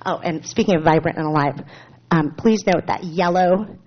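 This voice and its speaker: A woman, a parent, giving public comment at a school board meeting, partly reading from notes in an earnest, slightly halting way with small asides. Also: on the low side. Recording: dull lo-fi meeting recording.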